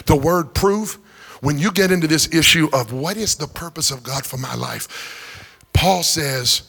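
Gravelly, husky-voiced preacher man. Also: fairly high pitch, a little slow, sharp tone. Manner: preaching with sing-song rises and humor. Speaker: pastor. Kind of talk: sermon. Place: church sanctuary.

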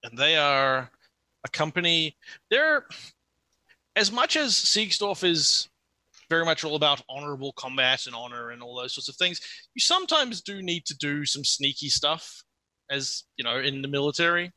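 Guy dm'ing a tabletop game, super bright voice, kinda high, dry close sound. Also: lively intonation, normal speed, no echo. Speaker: game master.

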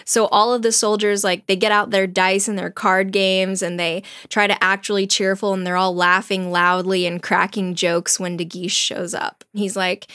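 A woman chatting casually as she retells a story, slangy and quick to laugh. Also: medium pitch, fairly even intonation, a bit bright, no echo, studio quality. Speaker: storyteller host.

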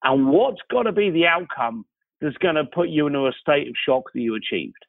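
A man's voice: on the high side, moderate pace, vocal fry, dry recording. A man telling stories in an interview, acting out the dialogue as he goes. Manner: animated storyteller acting out dialogue. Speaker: guest, concierge business owner. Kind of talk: interview storytelling. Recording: tinny phone-like line, dry.

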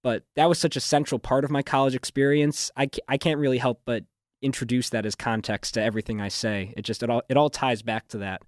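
Young man, student guest on campus radio; polished newsreader cadence, mid pitch, dry studio mic. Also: fairly even intonation, fast talker, dry recording. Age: young adult. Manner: fluent, newsreader-like delivery with restarts and laughs. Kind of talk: casual radio interview. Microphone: studio microphone.

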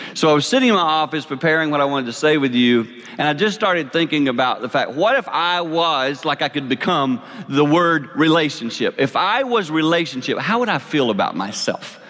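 A man in his fifties with a South Carolina accent gives a folksy, animated sermon with an object lesson. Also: on the high side, fairly quick. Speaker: speaker. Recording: long reverb of a large hall.

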